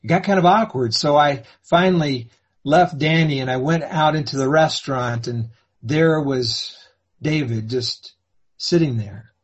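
A man preaching in first-person storytelling, swinging between hushed and fervent delivery. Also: a little high, a little slow, slightly rough, highs cut off.

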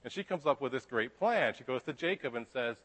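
A man preaching in a relaxed, conversational manner, retelling a story with lots of asides. His voice sits at an ordinary middle pitch. A long reverb from the hall hangs behind every phrase. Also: fairly quick, husky. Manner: casual, chatty storytelling with asides.

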